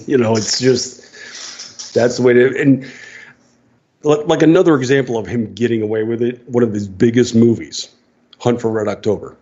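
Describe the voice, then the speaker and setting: A man co-hosting a casual radio chat about movies, talking with lively energy and laughing often. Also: mid-range voice, moderate pace, pauses often. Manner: animated, acts out quotes with laughs. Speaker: radio co-host. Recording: dull lo-fi radio audio.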